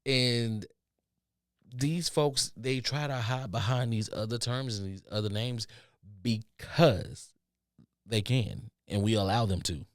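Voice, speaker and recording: A man's voice: mid-range voice, slow, dry recording, studio quality. A man hosting a podcast, ranting in an exasperated, sarcastic monologue. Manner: exasperated, sarcastic, does mocking voices of others. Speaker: podcast host.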